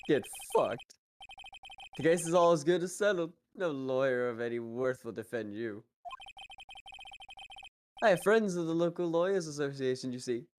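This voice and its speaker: A man's voice: fairly high pitch, lively intonation, normal speed, long pauses, a little hiss or hum, natural voice. Man doing a pompous villain with a British accent. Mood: gloating. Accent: put-on British. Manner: grandiose, smug, theatrical. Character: pompous villainous rich businessman. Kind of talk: fan voice-over of a game.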